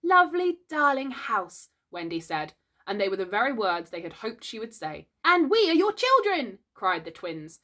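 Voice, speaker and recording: A woman's voice: medium pitch, animated, moderate pace, sharp tone. A woman reading a storybook aloud and voicing a group of eager young boys who plead and chant together.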